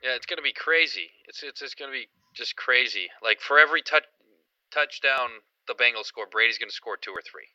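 A man co-hosting a sports podcast, talking in a rambling, excited way with lots of fillers. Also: mid-range voice, brisk, no echo, highs cut off. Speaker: podcast co-host. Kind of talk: casual sports chat.

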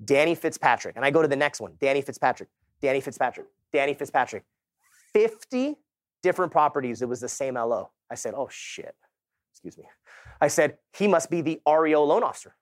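A man in his thirties tells a motivational sales story with casual slang, and he jumps into the voices of the people in it as he goes. His voice sits a little high for a man. The sound is close and dry. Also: fast, no echo. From Southern California. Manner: animated storytelling, acts out quoted people. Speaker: keynote speaker.

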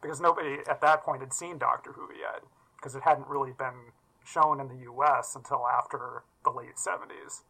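A man with a bright, clear tone and a mid-range voice, chatting casually with friends on a podcast. He sounds easygoing and wry, and his sentences often trail away. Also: medium pitch, steady tone, moderate pace, poor audio. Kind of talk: casual chat among old friends.

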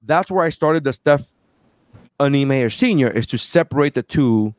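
A man's voice: mid-range voice, expressive, normal speed, no echo. A man hosting a podcast, telling crude, joking stories in casual chat. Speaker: podcast host.

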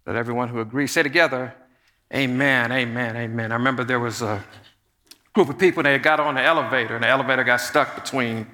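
Bright-voiced male pastor preaching in a church. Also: medium pitch, fast talker. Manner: earnest and conversational, drops to a soft hush in prayer. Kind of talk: sermon. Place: church sanctuary. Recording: long reverb of a large church hall.

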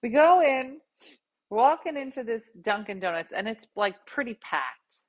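A woman host casually telling a funny story, jumping into loud quoted voices. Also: on the high side, sing-song, a little slow, muffled recording. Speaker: podcast host.

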